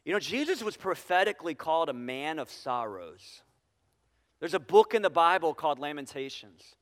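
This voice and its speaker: Guy preaching in a church, voice kinda high, echoey hall, chatty with lots of "right?". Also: sing-song, normal speed. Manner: conversational, with frequent restarts and tag questions. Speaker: pastor. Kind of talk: sermon. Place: church sanctuary with congregation.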